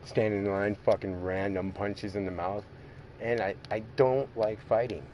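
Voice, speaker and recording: A man's voice: on the low side, steady tone, moderate pace, a little mellow, a little hiss or hum, rough recording. Profane, rambling man streaming a racing game. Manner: rambling, heavily profane, laughs often. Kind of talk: casual gaming stream chat.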